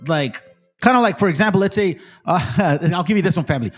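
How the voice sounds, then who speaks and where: A man's voice: sits high, lively intonation, normal speed, faint music behind. A man hosting a commentary stream, reacting to a clip in a profane, combative way and addressing viewers as fam. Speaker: host.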